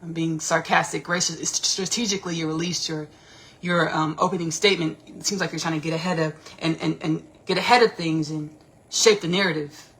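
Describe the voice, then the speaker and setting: Woman podcaster going off on a live stream, gravelly voice, kinda sharp and bright, rambles w slang. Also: low voice, fairly quick. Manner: animated, rambling, slangy, repeats herself. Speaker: podcast host. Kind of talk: casual livestream commentary.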